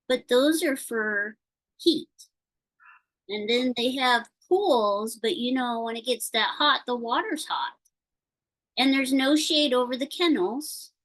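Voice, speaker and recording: Slow, halting woman on a video call. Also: fairly high pitch, fairly bright tone, low-quality recording. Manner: rambling, halting, with many fillers. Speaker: participant sharing a concern. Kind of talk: casual chat on a video call.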